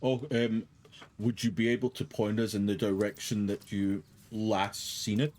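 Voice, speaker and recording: A man's voice: fairly low pitch, little pitch movement, measured pace, darkish tone. A man playing a tabletop game, speaking hesitantly and politely in character. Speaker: player. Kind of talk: tabletop role-play.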